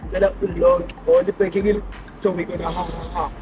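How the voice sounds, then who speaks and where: High-voiced South African man hosting. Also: fairly even intonation, fast talker. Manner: playful, teasing, hypes up contestants. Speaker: host of a street challenge show. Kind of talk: casual street challenge hosting. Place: outdoors on a city street. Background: music playing.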